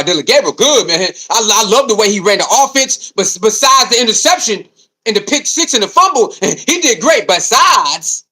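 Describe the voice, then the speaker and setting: A man's voice: very high voice, low-quality recording. A man giving a heated, mocking sports rant, often acting out other people's voices in asides. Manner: animated, mocking, mimics coaches in asides. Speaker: sports commentator.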